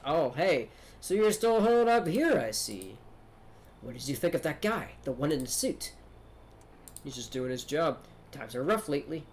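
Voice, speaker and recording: A man's voice: mid-range voice, slight background noise. A man streaming a game, casually commenting, talking to chat and reading dialogue aloud. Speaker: gaming streamer.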